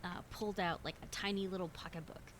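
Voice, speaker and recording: A woman's voice: fairly low pitch, fairly even intonation, fast, background noise. A woman player in a tabletop role-play game, chatty, describing what her character does.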